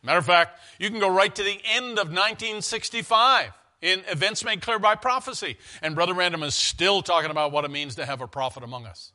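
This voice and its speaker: A man delivers an evening sermon in a conversational, earnest way, often stumbling and restarting his phrases. His voice sits a little high and sounds bright and forceful. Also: fairly quick, few pauses. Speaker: preacher.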